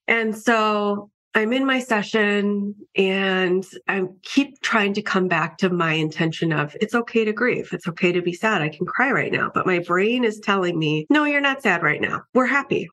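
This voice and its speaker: A woman's voice: mid-range voice, unhurried, hardly any pauses, a bit bright. A middle-aged woman, a podcast guest, candidly telling a personal story in a conversational way, full of "like" and "you know" and acting out her own inner voice.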